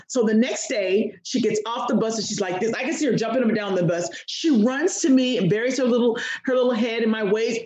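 A woman guest tells her story with lively, expressive swings, acting out every quote. Her voice sits a little high, and it rings in a roomy echo. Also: moderate pace. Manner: expressive, acts out quotes with big pitch swings. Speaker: leadership coach, podcast guest. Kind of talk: animated storytelling in an interview.

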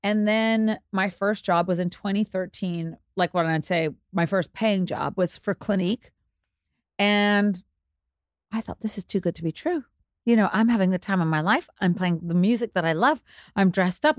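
A woman, a DJ telling candid, self-deprecating stories as an interview guest and jumping her pitch to act out quotes. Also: moderate pace, no echo, studio quality. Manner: chatty, self-deprecating, acts out quotes with big pitch jumps.

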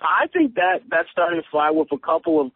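A man, a guest sports reporter, giving measured, analytical answers on a podcast. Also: fairly high pitch, sing-song, slightly rough. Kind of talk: sports talk podcast interview. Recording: phone line.

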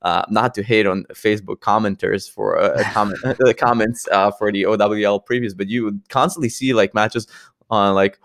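A man co-hosting an esports talk show, giving loose casual analysis with fillers and quick asides. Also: fairly low pitch. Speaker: esports podcast co-host. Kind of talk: casual chat.

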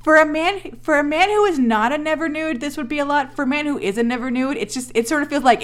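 A woman in her thirties co-hosting a podcast, recapping a TV episode in casual chat, animated, swearing and laughing often. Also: high-pitched, fast talker, few pauses. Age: 30s. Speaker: podcast co-host.

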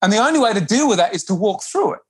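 A man who teaches yoga, speaking in a relaxed conversation and often restarting his sentences or acting out quotes. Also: high voice, rapid-fire, husky. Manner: animated, with frequent restarts and acted-out quotes. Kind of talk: casual conversation.

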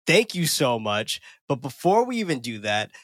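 A man hosts a horror movie podcast in a loose, energetic chat, swearing and laughing freely. His voice sits at a middling pitch. The recording is dry and close. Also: normal speed, dry recording. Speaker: podcast host.

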